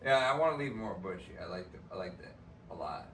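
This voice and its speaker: A man's voice: deep voice, expressive, fast, recorded from a distance, background noise. A man in casual chat who rambles with many hesitations and laughs easily. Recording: echoey room from off-mic, audible ambience.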